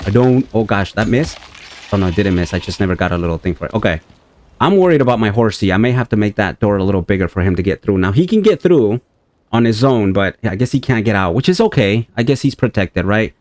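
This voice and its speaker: Low-voiced guy doing let's-play commentary, chatty, talks to his viewers and his horse, gets excitable. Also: quick pace, dry recording. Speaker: gameplay streamer.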